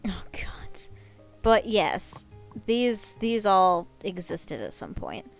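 Young woman streamer, casual and swearing, smooth clear voice, light music behind. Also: mid-range voice, very animated, slow pace. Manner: swears often, bossy and teasing. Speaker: streamer hosting a party game. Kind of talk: casual live-stream chat.

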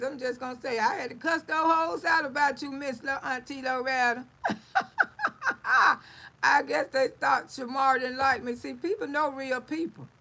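A woman's voice: high voice, gravelly, sharp tone, low-quality recording. A middle-aged woman hosting a live stream, chatting casually, reading viewer comments aloud, blunt and salty, laughing often.

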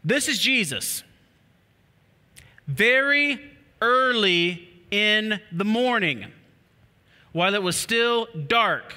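A man preaching a sermon as a pastor, animated and repetitive, with playful asides to the congregation. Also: sits high, slow, long pauses. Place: church auditorium. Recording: long hall reverb.

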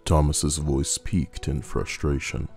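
Very deep-voiced male horror narrator. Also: little pitch movement, slow pace, a little mellow, soft background music. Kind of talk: scripted horror story narration.

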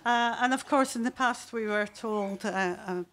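A woman's voice: on the high side, fairly bright tone. Woman poet reading aloud. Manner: slow, deliberate recitation with sudden intense bursts. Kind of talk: poetry reading on stage. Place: live venue before an audience.

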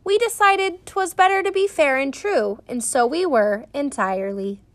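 A woman's voice: high-pitched, normal speed, natural voice. A woman voicing an eager, clever young man. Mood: playful. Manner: earnest, eager, persuasive.

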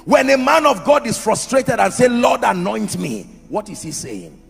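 A man's voice: extremely high pitch, very animated, moderate pace, vocal fry. A man preaching a sermon in an emphatic style, asking the crowd rhetorical questions. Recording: echoey hall with music under.

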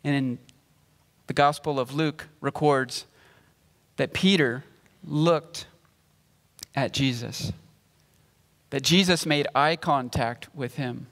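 A man preaching at an unhurried pace, his voice sitting a little high for a man. He works through scripture verse by verse in a measured, explanatory way, and the church hall around him rings with a long reverb. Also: fairly bright tone. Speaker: pastor. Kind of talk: sermon. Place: church sanctuary.

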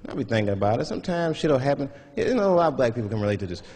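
A man's voice: medium pitch, sing-song, racing, a little mellow. A man doing a stand-up comedy set, storytelling loosely and dropping into voices. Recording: live stand-up hall with audience. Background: audience laughter.

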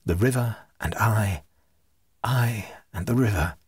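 A man reading the lines of a joyful, dreamy young gentleman in an audiobook ghost story, speaking them warmly and softly. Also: on the low side, slow, breathy edge, no room sound, studio quality, exaggerated voice.

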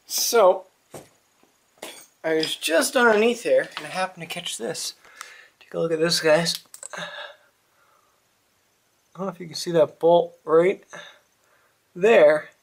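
A man's voice: a little high, slow pace, creaky, long pauses, slight background noise. A man with a New England accent chatting casually in his garage workshop, rambling and swearing, with lots of fillers. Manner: rambling, profane, with many fillers. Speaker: small engine repair vlogger.

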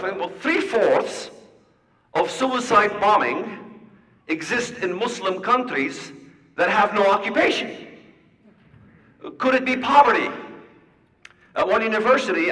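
Male speaker, high and bright, animated storyteller, heard from a distance in a large reverberant hall. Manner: animated storyteller acting out dialogue. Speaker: speaker giving a talk. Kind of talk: storytelling talk to an audience.

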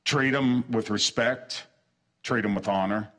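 An unhurried pastor with a lowish, slightly bright voice delivers an earnest sermon. He emphasizes points by repeating short phrases, and he stumbles and restarts in the middle of sentences.

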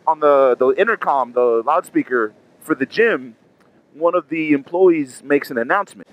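A man vlogging a profane, animated story, acting out his own reactions. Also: high voice, poor audio. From Miami. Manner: animated, profane, acts out quotes. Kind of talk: casual storytelling.

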